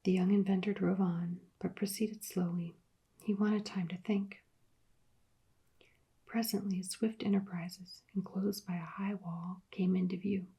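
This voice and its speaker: Husky, whispery soft-spoken woman narrator. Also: medium pitch, little pitch movement, measured pace. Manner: hushed, partly whispered reading. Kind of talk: soft-spoken ASMR book reading.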